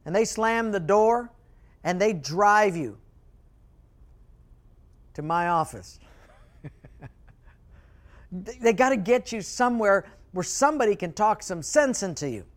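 A man preaching a sermon as pastor, telling stories with animation and dropping to quiet emphasis. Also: high voice, lively intonation, slow pace, long pauses.

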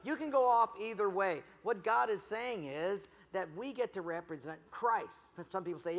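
A man preaching a sermon as pastor, animated, telling stories and putting on voices for the people he quotes. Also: sits high, moderate pace, few pauses. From United States. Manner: animated storytelling with jokes and acted quotes. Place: church. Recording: long reverb of a church hall.

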